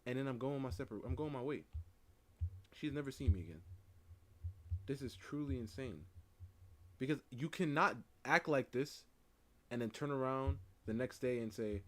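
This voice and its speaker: A man giving casual, animated commentary while reacting to a true-crime video, often repeating "listen" and "right?". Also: medium pitch, moderate pace, long pauses.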